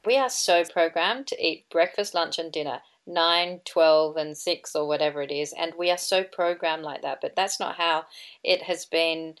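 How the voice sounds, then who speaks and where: A woman's voice: deep voice, moderate pace, clear, resonant tone. A woman guest speaking earnestly about her habits in an interview. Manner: earnest, musing. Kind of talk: interview answer.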